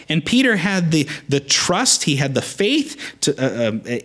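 A man preaching a conversational sermon, lively with frequent restarts. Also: on the high side.

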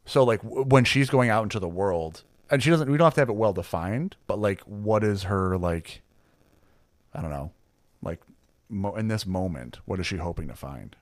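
A man's voice: lowish voice, animated, moderate pace, no room sound. A man acting as game master, talking through a character's backstory in a loose, rambling way with lots of fillers. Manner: rambling, filler-heavy, laughs easily. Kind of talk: casual tabletop planning chat.

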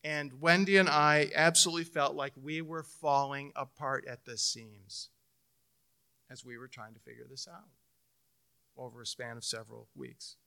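A middle-aged man preaching a sermon as pastor, telling a personal story and swinging between loud emphasis and hushed, intimate moments. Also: mid-range voice, fairly even intonation, normal speed, gravelly, clear, resonant tone.

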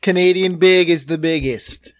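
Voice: mid-range voice, normal speed, no room sound. A co-host joking around in playful casual comedy banter. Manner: wisecracking, playful.

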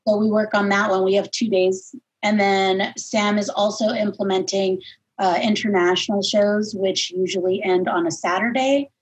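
A woman's voice: medium pitch, steady tone, normal speed, husky, low-quality recording. A woman comedian talking casually about her start in comedy, laughing often as she speaks. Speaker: guest comedian. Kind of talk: casual conversation.

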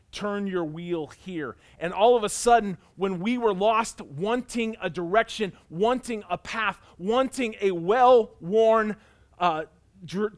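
High-voiced earnest male preacher. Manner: earnest, swings between loud emphasis and quiet intensity. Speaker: pastor. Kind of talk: sermon with personal storytelling.

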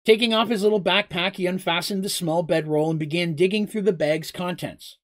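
A storyteller reads a fantasy tale aloud with expressive delivery, now and then turning aside to address listeners directly. The voice is mid-range and a little fast.

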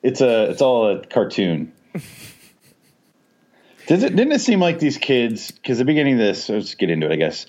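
A man's voice: medium pitch, moderate pace, long pauses. A man co-hosting a podcast, chatting casually about a movie, cursing freely and laughing often. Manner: profane, laughing, animated storytelling. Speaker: podcast co-host. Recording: dull lo-fi audio.

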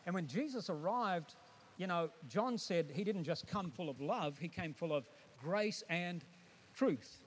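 A man's voice: high-pitched, animated, a little slow, a little hiss or hum. A man preaching a sermon, emphatic and dramatic, who often acts out the voices of his listeners.

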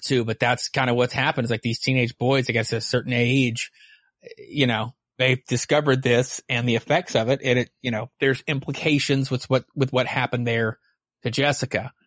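A man's voice: medium pitch, fairly even intonation, normal speed, a bit bright, no room sound. A man in casual chat about a comic, laid-back and hesitant, with lots of fillers. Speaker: podcast guest.

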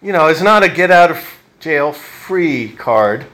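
A man's voice: fairly high pitch, animated, measured pace, pushed and bright. A man preaching a sermon in a church, in a conversational, reflective way that thinks aloud with fillers and restarts. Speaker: pastor.

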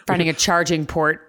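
A woman's voice: low voice, a bit bright. A woman on a casual movie podcast, making jokes and sympathetic asides. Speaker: podcast co-host.

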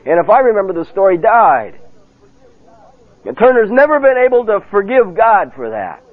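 A man preaching a sermon, telling a story and acting out the voices of the people in it. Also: high voice. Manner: animated storyteller, acts out quoted voices. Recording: tinny phone-like radio broadcast.

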